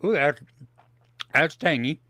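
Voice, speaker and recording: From a home office setup, a man co-hosts a live movie podcast, rambling in casual chat and trying snacks on air. His fairly high, bright voice carries a forceful tone at a slow pace, captured on a dry recording.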